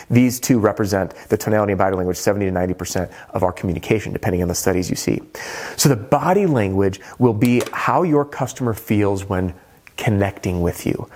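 A man's voice: on the low side, a little mellow. A middle-aged man coaching on roofing sales, talking energetically and shifting his tone and pace to make his points. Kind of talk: coaching monologue to camera.

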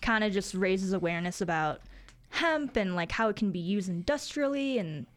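A woman's voice: mid-range voice, lively intonation, moderate pace. A young woman, a reporter on a college radio show, chatting casually in the studio with many fillers.

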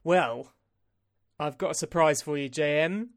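A male podcast host with a slightly raised voice that carries a gravelly edge. He sounds eager and jokey, setting up surprises and introducing guests. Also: fairly high pitch, measured pace, no room sound, studio quality. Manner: enthusiastic, jokey. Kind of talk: casual podcast chat.

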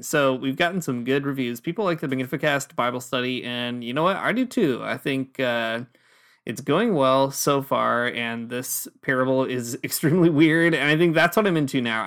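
A man co-hosts a podcast in loose, casual chat. His voice sits at an ordinary middle pitch, and he talks in an easygoing, joking way with plenty of fillers. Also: fairly bright tone, clean tone. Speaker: podcast co-host.

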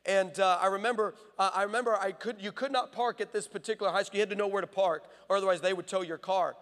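A man preaching a sermon, telling stories in an animated, playful way that often breaks off and restarts. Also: high-pitched, quick pace. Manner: animated, playful storytelling with frequent self-interruptions. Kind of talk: sermon with comic storytelling. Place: large armory hall. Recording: long reverb of a large hall.

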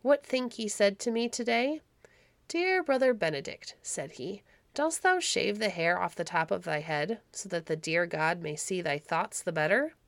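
A woman's voice: fairly low pitch, expressive, normal speed, no echo. A woman reading aloud, voicing a kindly old male monk in a storybook with a fond, doting manner. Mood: fondly amused.

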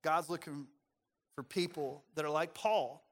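A male pastor preaching a sermon in a conversational, animated style with humor, then turning quiet and measured to make his point. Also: on the high side.

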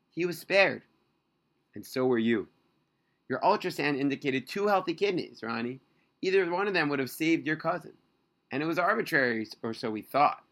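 Guy reading as a calm kind doctor, measured and reassuring, bright tone. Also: medium pitch. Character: calm, kindly male surgeon.

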